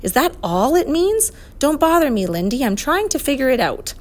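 A woman's voice: high voice, normal speed, voice pushed up. A woman reading the lines of a flustered, fussy old male professor in a storybook. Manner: exasperated, excitable.

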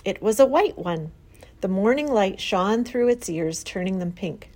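A woman's voice: medium pitch, expressive, measured pace, a little mellow. Woman narrating a kids book, sing-songy, lots of up and down in her voice. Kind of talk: storybook read-aloud.

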